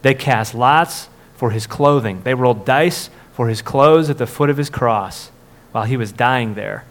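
A man's voice: mid-range voice, unhurried. A man, a pastor, preaching a sermon in a conversational way, with fillers and restarts, rising for emphasis on key points.

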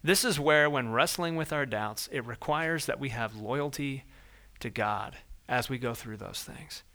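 A man preaching a sermon in a conversational way, walking through verses and acting out everyday scenes in lively voices. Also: medium pitch, a little slow. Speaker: pastor.

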